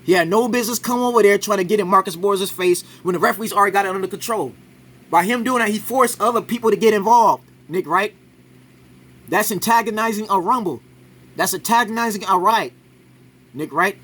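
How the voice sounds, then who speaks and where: Male reaction commentator, high bright voice, argumentative, peppers lines with "right?". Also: fairly quick. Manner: argumentative, keeps adding "right?". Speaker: commentator reacting to a sports clip.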